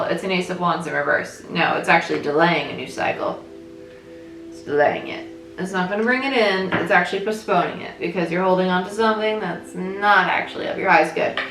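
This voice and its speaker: A woman with a fairly low voice talks her way through a tarot spread in a relaxed, conversational flow, often tossing in a quick "right?" to her listeners. The room around her rings with echo, and soft music plays faintly underneath. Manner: chatty, thinks aloud, frequent "right?" check-ins. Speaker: tarot reader. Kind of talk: casual tarot reading.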